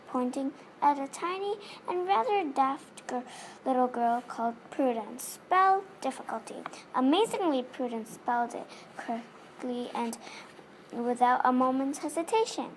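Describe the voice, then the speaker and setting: A woman's voice: high voice, a little hiss or hum. A woman reading a children's story aloud expressively. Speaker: reader.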